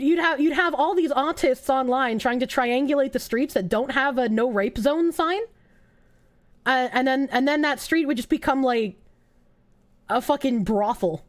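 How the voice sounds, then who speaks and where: A woman streaming live, reacting in a sarcastic, incredulous and profane way with frequent laughs. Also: high-pitched. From United States. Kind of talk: casual livestream reaction.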